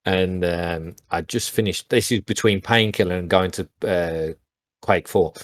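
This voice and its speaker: Guest: man, very low voice, dry close sound, rambling casual anecdotes. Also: fairly even intonation, unhurried, no room sound. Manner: rambling, many restarts and fillers. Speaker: interview guest, former pro gamer. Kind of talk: casual storytelling on a call.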